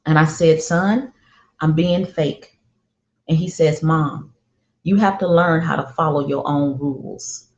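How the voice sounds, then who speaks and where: A middle-aged woman telling a personal parenting story, emphatic and deliberate, often repeating herself for weight. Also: low-pitched, steady tone. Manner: emphatic, slow and deliberate with heartfelt repetition. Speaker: parenting speaker. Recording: roomy, dull lo-fi sound.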